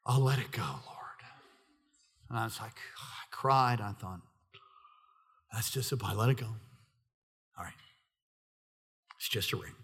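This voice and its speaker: A middle-aged male pastor preaching through a personal story, acting out the people in it and swinging between loud excitement and hushed quiet. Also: on the low side, unhurried, pauses often, husky. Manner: animated, acts out quoted voices, swings from loud excitement to hushed near-whisper. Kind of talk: sermon storytelling.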